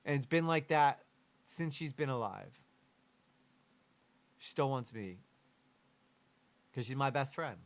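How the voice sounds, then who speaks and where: A man's voice: medium pitch, lively intonation, takes it slowly, pauses often. A young man, a streamer, reacting to a true crime video and talking candidly and emotionally about his daughter, swearing casually. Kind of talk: livestream reaction commentary.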